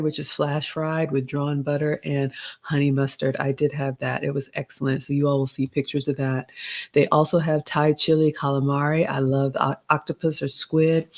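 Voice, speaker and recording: A middle-aged woman, a little raspy today, hosting a casual live stream and chatting through a menu with etiquette tips. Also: low-pitched, a little mellow. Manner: chatty, gives etiquette tips, addresses viewers as y'all. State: slightly raspy. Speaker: host of a live stream reviewing a restaurant menu.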